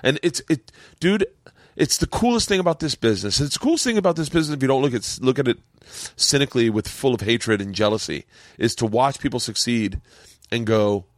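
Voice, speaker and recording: A man's voice: medium pitch, animated, brisk, dry recording. A man hosting a casual podcast, telling a story with many restarts and real emotion. His voice sits in a middling register. The sound is dry and close. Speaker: podcast host. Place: home studio.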